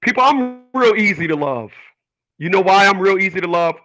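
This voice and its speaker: A man's voice: sits high, animated, moderate pace, poor audio. A middle-aged man hosting his channel, speaking earnestly and emphatically in a personal monologue to his viewers. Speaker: channel host.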